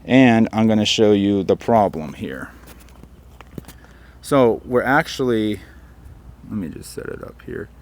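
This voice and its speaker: Low-voiced man chatting outdoors. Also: a little mellow. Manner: chatty, addresses viewers directly. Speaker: car channel host. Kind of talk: casual vlog chat. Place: outdoors beside his car.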